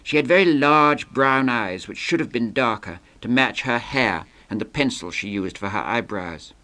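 A man reads a novel aloud, in a measured and understated way. His voice sits at a middle pitch for a man. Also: lively intonation, pushed and bright. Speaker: reader.

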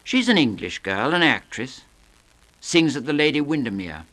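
A man voicing a smug young charmer who drawls slowly with great self-satisfaction. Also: mid-range voice, big pitch swings, sharp tone. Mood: drawling.

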